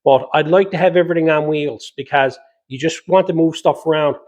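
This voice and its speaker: A man's voice: a little high, fairly quick, a little mellow, highs cut off. Newfoundland man chatting from his garage. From Newfoundland, Canada. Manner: rambling, homespun, with dialect verb forms. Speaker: metal fabrication channel host. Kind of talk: casual chat answering viewer questions. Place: home garage workshop.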